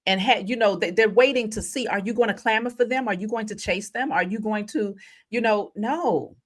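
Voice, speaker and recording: A woman hosting a casual spiritual vlog, telling stories in an animated, chatty way. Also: mid-range voice, normal speed. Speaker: spiritual reader.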